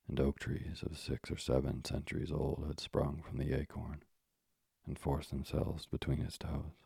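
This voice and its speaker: A man narrating a classic storybook in a measured, old-fashioned way, pausing for moralizing asides. His voice is extremely deep and dark, with heavy fry, and it barely rises or falls. The recording is close and dry. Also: dry recording.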